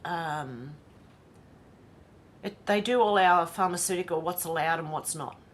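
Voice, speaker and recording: A woman's voice: fairly low pitch, measured pace. An Australian woman hosting a casual livestream, reading viewer comments aloud and greeting each by name. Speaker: livestream host reading chat.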